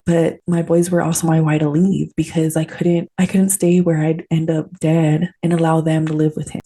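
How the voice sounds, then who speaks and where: A woman's voice: on the low side, dark tone. A woman hosting a podcast, telling a personal story in a candid, earnest, conversational way with lots of fillers. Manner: candid, conversational, many fillers and tag questions; earnest, emotionally open. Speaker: podcast host.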